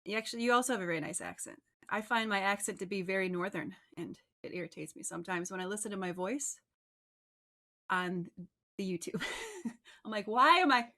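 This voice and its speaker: A woman hosting a casual livestream interview show, chatty and bubbly and quick to laugh. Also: medium pitch, fairly bright tone. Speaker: host.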